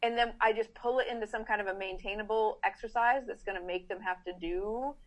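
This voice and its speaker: Animated woman horse trainer explaining. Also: mid-range voice. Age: middle-aged. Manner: animated, acts out riders' thoughts in quick asides. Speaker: horse trainer, podcast guest. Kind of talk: casual explanatory chat.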